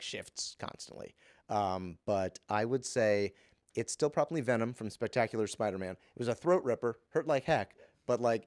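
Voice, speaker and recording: A man who works as a voice actor, answering interview questions in a relaxed, chatty way with lots of fillers and restarts, and telling lively anecdotes. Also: fairly low pitch.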